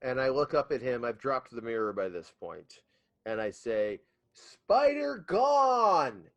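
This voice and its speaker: A man co-hosting a podcast, playing his character in a tabletop role-playing game in an animated, jokey way. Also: mid-range voice, moderate pace, muffled recording. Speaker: player and co-host.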